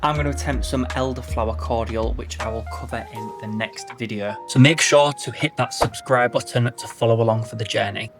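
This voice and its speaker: A man's voice: mid-range voice, fairly quick, hardly any pauses, over music. Earnest chatty man vlogging his garden. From Yorkshire, England. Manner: earnest, chatty, self-mocking. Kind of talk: casual vlog talk to camera.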